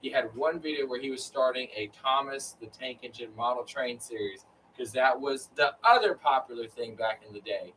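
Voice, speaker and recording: A man's voice: mid-range voice, normal speed, fairly bright tone, far from the mic, slight background noise, rough recording. A man chatting casually on a live stream, rambling with lots of fillers. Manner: rambling, filler-heavy storytelling. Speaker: co-host of a live chat. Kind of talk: casual chat.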